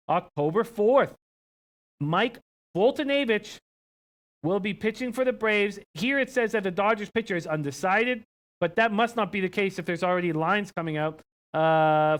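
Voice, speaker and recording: His voice sits high and sounds clear and resonant as this young Canadian runs a sports betting live stream. Laid-back and full of filler words, he reads out viewer comments and the odds.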